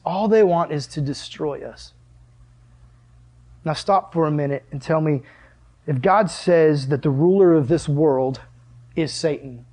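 A man's voice: fairly high pitch, warm tone. Earnest young male preacher. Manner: earnest, conversational, with rhetorical questions. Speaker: pastor. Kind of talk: sermon.

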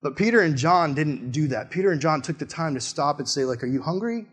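Young guy preaching, casual and chatty, says like a lot, voice on the high side, jumps way up when he gets worked up. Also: fairly quick. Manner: animated storytelling, often rising high and loud in quoted outbursts; casual, peppered with "like". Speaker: missionary preacher. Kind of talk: sermon with personal story.

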